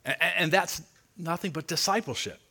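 A man's voice: a little high, normal speed, vocal fry, breathy edge. Earnest male pastor preaching. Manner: earnest, emphatic preaching with quieter asides. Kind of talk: sermon. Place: church sanctuary.

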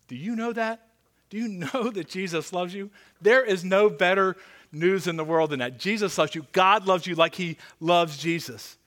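A man preaching a sermon as pastor, earnest and pleading, dropping to a hushed voice for emphasis. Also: high voice, lively intonation, normal speed.

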